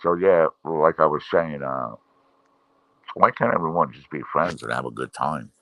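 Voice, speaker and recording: A man's voice: a bass voice, moderate pace, sharp tone, no room sound. A man hosting a casual livestream, chatting with viewers in a rambling, frustrated way with many fillers. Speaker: livestream host. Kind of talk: casual live chat reading viewer comments.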